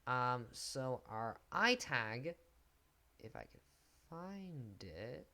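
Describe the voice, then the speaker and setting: A man hosts a screen-recorded coding tutorial, explaining things casually and cracking self-deprecating jokes while he types. His mid-range voice is slow, sing-song, and sharp in tone, with keyboard typing and clicks in the background.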